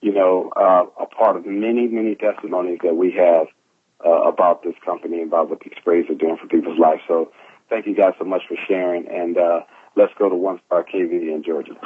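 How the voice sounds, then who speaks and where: A man, a pastor, giving slow, halting closing remarks on a conference call, with many fillers. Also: deep voice, flat delivery, slightly rough, dry recording. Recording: dry, tinny phone line.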